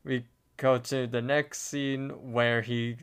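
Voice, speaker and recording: A man's voice: mid-range voice, level tone, takes it slowly, fairly bright tone, clean tone. A man hosting a podcast, recapping a cartoon episode in casual chat. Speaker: podcast host.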